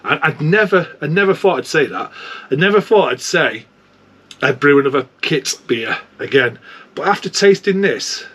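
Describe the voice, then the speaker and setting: A man's voice: fairly high pitch, expressive, moderate pace, fairly bright tone, husky. A man with a British accent chatting informally and at length as a homebrew vlogger. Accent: British English. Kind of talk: casual chat.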